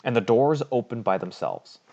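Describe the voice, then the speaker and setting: A man's voice: medium pitch, very animated, moderate pace, gravelly, a little mellow. A man narrating a tabletop game as game master, chatty and hesitant, often laughing. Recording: dull lo-fi mic.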